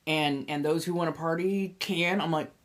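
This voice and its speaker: A woman's voice: deep voice, moderate pace. A woman in her thirties hosting a casual livestream, ranting with lots of swearing and laughter. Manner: profane, animated ranting with frequent laughter. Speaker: livestream host and tarot reader.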